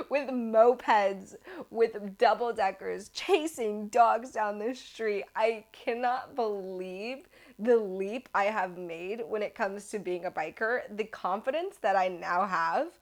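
An American woman hosting a podcast, telling a story casually in an animated, self-mocking way that exaggerates for laughs. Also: mid-range voice. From United States. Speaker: podcast host.

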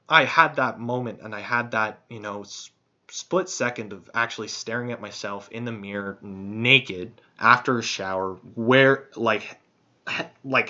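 A man with a bright, forceful voice tells a long personal story in loose, profane podcast chat. He rambles and circles back while he thinks out loud. The sound is dull and lo-fi. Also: mid-range voice. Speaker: podcast host.

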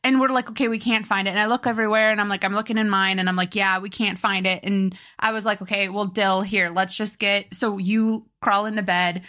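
A young woman co-hosting a casual podcast, telling a story with animated, laughing retellings of what people said. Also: medium pitch, fairly quick, hardly any pauses. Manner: animated, laughing, acts out quotes loudly. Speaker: podcast co-host.

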